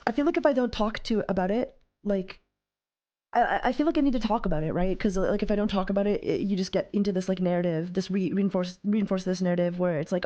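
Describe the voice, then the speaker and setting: A woman's voice: medium pitch, quick pace, mellow, muffled recording. A woman streaming live, talking casually to her chat in a rambling way, often repeating herself and swearing.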